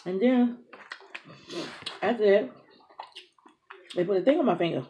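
A young woman telling a lively story over a meal, acting out each speaker's lines. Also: mid-range voice, a little slow, lo-fi sound, slight background noise. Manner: animated storyteller acting out dialogue, drawling. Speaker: mukbang host. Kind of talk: casual storytime while eating.

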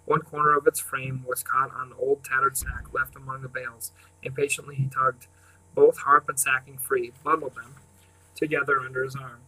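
Male audiobook reader, steady measured read-aloud, set back from the mic. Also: mid-range voice, husky, distant mic, low-quality recording. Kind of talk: storybook read-aloud narration.

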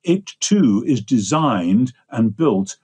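A man's voice: mid-range voice, very animated, slow pace, darkish tone, husky. An older man with an English accent, explaining ideas at length in a discursive, lecturing way as an interview guest. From England. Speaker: guest theologian.

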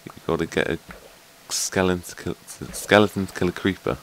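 A man's voice: low-pitched, steady tone, a little fast, a bit bright, slight background noise. A man playing a game with a friend, swearing a lot and raging at the enemies that keep killing him. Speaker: gamer. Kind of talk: casual gaming chat.

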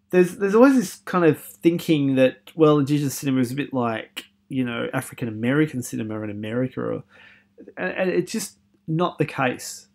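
A man's voice: medium pitch, a little mellow. A man giving a university film lecture, chatty and opinionated, with many fillers, putting questions to his students.

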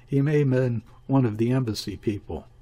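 A man's voice: mid-range voice, a little fast, warm tone, natural voice. A man reading the part of a desperate, grieving woman in an audiobook, speaking in a listless, weary, murmuring way.

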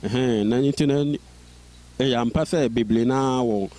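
A man's voice: medium pitch, measured pace, warm tone. A man who stutters, telling his life story in an interview and repeating sounds and words as he speaks. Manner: stutters, with repeated syllables and restarts. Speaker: interview guest.

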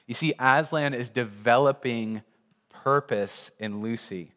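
Man preaching slowly in a reverberant church. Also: medium pitch, fairly bright tone. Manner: slow, reflective storytelling. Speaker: guest preacher. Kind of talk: sermon.

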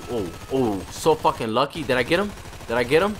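A man giving casual commentary over his video game playthrough, profane and excitable, full of trash talk. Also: medium pitch, fairly quick, slight background noise. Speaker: gaming channel host.

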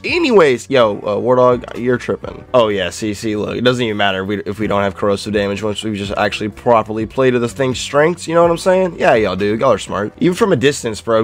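A young man gives excited, slangy commentary on his own gameplay, tossing playful trash talk at the enemies as he goes. His voice sits at an ordinary middle pitch. Faint game music plays under his talk. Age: young adult. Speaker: gaming YouTuber. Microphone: desk microphone.

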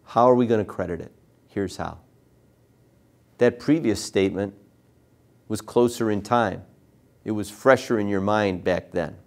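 A man with a lowish, unhurried voice that pauses often teaches trial advocacy, walking through cross-examination step by step. He acts out sample questions to a witness, playing both lawyer and witness in a raised voice.

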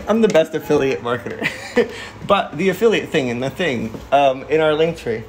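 A man's voice: expressive, normal speed, a little hiss or hum, rough recording. A young man chatting casually on a livestream from his newly moved-into house. He rambles, restarts and corrects himself. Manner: coos to his cats in a high soft voice.

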